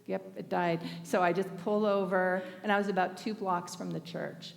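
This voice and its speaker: Gravelly-voiced woman telling a sermon story. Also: medium pitch, fairly even intonation, normal speed, in a large hall. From Northern California. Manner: conversational, laughs often, warm anecdotes. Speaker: speaker at a spiritual thanksgiving service.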